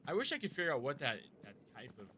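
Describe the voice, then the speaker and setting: A man's voice: medium pitch, very animated, fast, very noisy. A man live-streaming a game, chatting casually with his viewers, rambling and swearing freely.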